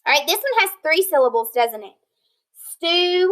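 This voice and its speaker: A woman teaching a phonics lesson, sounding out word parts slowly and deliberately, praising and checking in with her students. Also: very high voice, big pitch swings, fairly bright tone, poor audio. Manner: encouraging, checks in with "okay?". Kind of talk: recorded online lesson.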